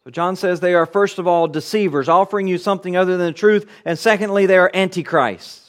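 Male preacher, high voice, earnest expository sermon delivery, emphatic repetition. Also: a little fast. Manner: earnest, emphatic teaching with repeated phrases.

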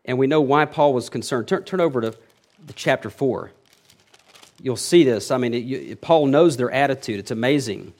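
A male pastor delivering a verse-by-verse sermon. His voice sits at a middle pitch and swings between forceful emphasis and quiet drops. He restarts phrases as he explains. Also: normal speed. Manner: emphatic, rising and falling in loudness, self-correcting restarts. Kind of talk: expository sermon.

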